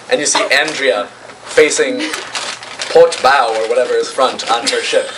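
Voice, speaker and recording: A man improvising an imaginative story for friends, with animated, playful narration. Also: medium pitch, a little slow. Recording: distant mic with faint noise.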